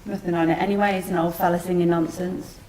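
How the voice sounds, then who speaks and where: A woman's voice: on the low side, little pitch movement, fast, darkish tone, echoey room, a little hiss or hum, close to an everyday voice, low-quality recording. A woman playing a whiny frail old mother. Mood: plaintive. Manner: plaintive, wheedling and querulous. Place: theatre studio.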